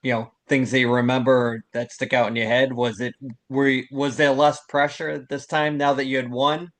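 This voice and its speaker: A man's voice: medium pitch, level tone, moderate pace, a bit bright. A man hosting a podcast, asking questions in a hesitant way with many fillers. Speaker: podcast host. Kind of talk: casual interview questions.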